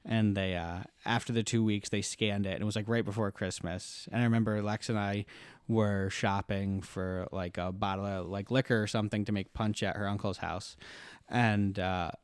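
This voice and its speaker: A man's voice: fairly low pitch, fairly even intonation, normal speed, clear, resonant tone, no echo. A man, a podcast guest, chatting casually and telling a rambling story with self-deprecating jokes. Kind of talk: casual conversation.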